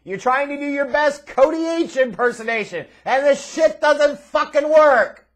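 Male wrestling reviewer, very high voice, sarcastic and foul-mouthed rant. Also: expressive, a little slow. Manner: profane, sarcastic, exasperated. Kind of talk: ranting video review.

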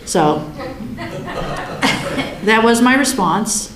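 A woman with a fairly high voice tells her story with wry humor, acting out what she thought at each moment. The recording has a roomy echo around her. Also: normal speed. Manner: lively, wry storyteller who acts out her own inner thoughts. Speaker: guest recounting a near-death experience. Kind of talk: personal storytelling.

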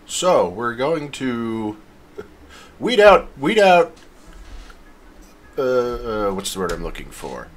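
A man's voice: medium pitch, big pitch swings, slow, long pauses, a little hiss or hum. A man playing a fantasy game, joking and reading the character dialogue aloud. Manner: jokey, reads quest dialogue in put-on voices. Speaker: gamer playing and voicing dialogue. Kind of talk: let's play commentary, reading dialogue aloud.

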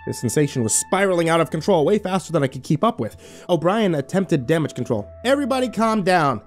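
A man narrating a first-person horror story in a wry, expressive way. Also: fairly high pitch, a little fast, soft background music.

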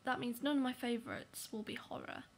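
A woman's voice: on the high side, fairly even intonation, brisk, vocal fry. A young woman giving a casual movie review vlog, chatty and apologetic, often dropping to a whisper for asides. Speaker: vlogger.

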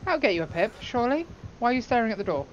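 A woman's voice: fairly high pitch, big pitch swings, racing. A woman streaming a game, chatting casually in a playful, teasing, pleading way. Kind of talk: casual gameplay banter. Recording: dull lo-fi stream audio with faint noise.

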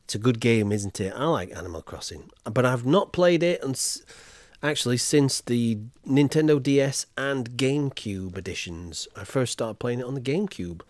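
A man's voice: mid-range voice, animated, normal speed, a little mellow, dry recording. A man, casually chatting with his chat while streaming a game. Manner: chatty, reads and answers chat.

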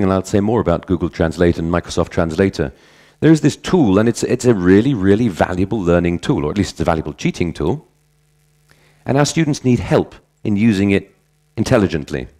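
Warm in tone and lowish in pitch, a middle-aged man addresses a language-teaching conference in a conversational style, sharing anecdotes and fixing his own wording as he goes.

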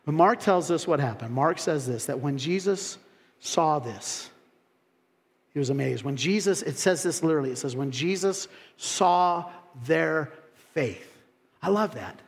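A man preaching with a high voice, telling the story casually and restarting his phrases. The sermon echoes with a long reverb, as in a large hall or church. His delivery is relaxed and informal. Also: normal speed. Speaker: pastor.

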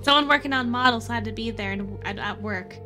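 A woman's voice: on the high side, a little fast, pushed and bright, soft background music. A woman streaming a game playthrough, playful and cutesy, chatting to chat and meowing at characters.

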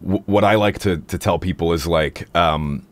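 A man hosting a casual livestream about singing technique, rambling and playful with lots of fillers. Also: normal speed. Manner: rambling, playful, drops into silly high demo voices. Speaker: singer and stream host.

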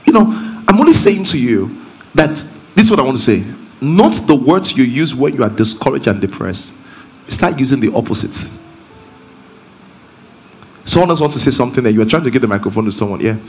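A man's voice: mid-range voice, fast. A man with a Nigerian accent, a pastor giving an interactive sermon that climbs into emphatic preaching. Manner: lively, rising to emphatic preaching.

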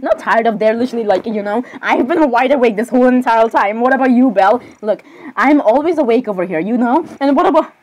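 A woman's voice: on the high side, fast talker, darkish tone, low-quality recording. A woman doing a rambling comic voice-over for cartoon characters, apologizing over and over and breaking into jumpy squeals.

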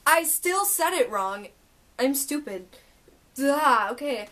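Young woman, excitable, gushing book vlogger, slightly high voice, casual unboxing chat. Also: slow pace. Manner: gushing, excitable, lots of "oh my gosh".

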